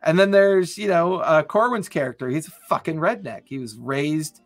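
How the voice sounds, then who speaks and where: Brief: male co-host, casual and enthusiastic, higher-set voice. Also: moderate pace, faint music behind. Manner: rambling, enthusiastic, many restarts. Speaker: podcast host. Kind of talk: casual chat.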